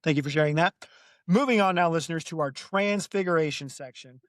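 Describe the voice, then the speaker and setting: A chatty co-host on a book podcast, trading jokes and comparing a story with its film version. The voice sits at a middle pitch and comes across close and dry, with no room sound. They drop into silly voices while telling anecdotes. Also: fairly quick, dry recording. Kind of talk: casual chat.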